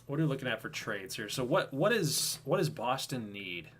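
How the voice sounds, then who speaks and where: A man's voice: mid-range voice, sing-song, moderate pace, fairly bright tone, breathy edge. A man casually hosting a baseball video game franchise livestream, chatting with viewers by name. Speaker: host of a franchise stream.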